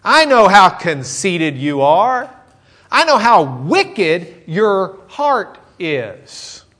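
A preacher puts on an angry older brother, a young man burning with scorn, who heaps contempt on his younger sibling. The voice climbs well above his normal register, and the scolding swings between slow, weighted jabs and rushed bursts. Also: high-pitched, sing-song, fairly bright tone, voice pushed up, full character voice.

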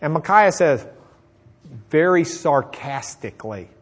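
Animated preacher. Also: male voice, a little high, unhurried. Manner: animated storytelling, acting out characters' lines. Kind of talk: sermon retelling a Bible story.

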